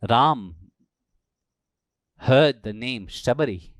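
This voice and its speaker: A male spiritual teacher telling a sacred story during a live talk in a temple, acting out the characters with animated delivery. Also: mid-range voice, extremely slow, no room sound. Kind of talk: storytelling sermon.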